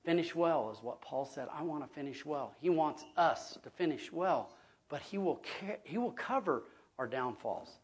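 A man's voice: on the high side, animated, moderate pace, husky. A man preaching a sermon as pastor, earnest and conversational, often checking in with his listeners.

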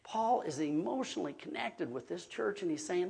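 A man's voice: sits high, animated, moderate pace, creaky, hardly any pauses, darkish tone, husky. A man preaching a sermon as pastor, earnest and conversational, often checking in with his listeners.

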